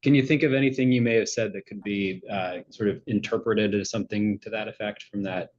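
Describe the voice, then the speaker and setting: A man presiding as a judge at a hearing, asking questions in a halting way with many fillers. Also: fairly low pitch, steady tone, a little mellow. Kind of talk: courtroom questioning. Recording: muffled lo-fi audio.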